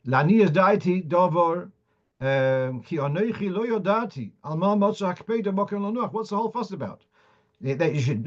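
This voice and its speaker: A man, a rabbi, giving a Torah law lecture, reading Hebrew and Aramaic sources aloud and explaining them in English with frequent restarts. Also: on the high side. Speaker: rabbi teaching a weekly Torah class. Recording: dull lo-fi sound.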